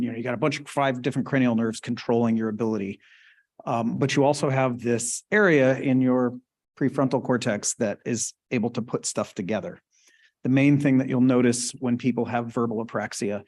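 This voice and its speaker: A man giving a live lecture at a medical conference, explaining terms casually and checking in with the audience. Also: medium pitch. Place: conference hall.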